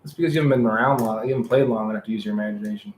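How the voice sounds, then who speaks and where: A man co-hosting a casual podcast, an animated storyteller who acts out the people he quotes. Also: lowish voice, rapid-fire, a little hiss or hum. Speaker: podcast co-host. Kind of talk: casual chat. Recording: echoey room with faint ambience.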